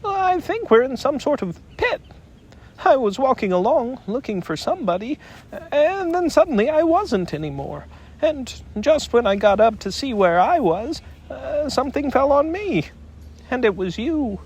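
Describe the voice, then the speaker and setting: A man voicing a tiny, timid young male piglet in a squeaky, high, nervous voice for a storybook reading. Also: big pitch swings, moderate pace, darkish tone, husky, full character voice. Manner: nervous and trembling.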